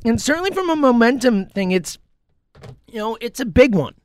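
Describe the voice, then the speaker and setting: Rambling, excitable sports podcast man. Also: very high voice, normal speed, clean tone. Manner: excitable, rambling, with many fillers and restarts. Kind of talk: casual sports talk monologue.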